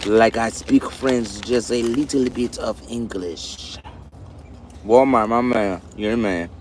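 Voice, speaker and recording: A man's voice: mid-range voice, a little mellow, a little hiss or hum. A man chatting casually with live viewers from his parked car, laughing often and answering comments as they come in. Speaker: livestream host. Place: parked car at a store pickup.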